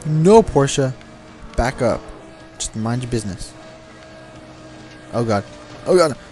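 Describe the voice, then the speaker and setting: A young man talks his way through a racing game, muttering and cursing at rival cars. His delivery is unhurried and drawn out, his pitch mid-range. Faint game music runs underneath. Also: animated, darkish tone. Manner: frustrated, swearing, talking to the game. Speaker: gameplay commentator. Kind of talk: let's play commentary. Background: game music and car sounds.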